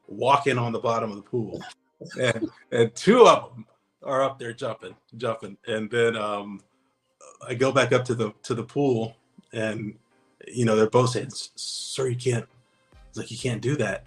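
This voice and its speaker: A man of ordinary pitch guests on an interview podcast. He tells stories casually and acts out what people said. Faint music plays beneath his voice. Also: rough recording. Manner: easygoing anecdotal telling, acts out dialogue. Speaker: guest, former Navy special operator.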